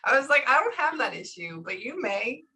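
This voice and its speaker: A woman speaks in a bright voice during a casual medium session. She relays messages in quick, chatty bursts. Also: fairly high pitch, big pitch swings, slight background noise, rough recording. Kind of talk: casual reading session with clients.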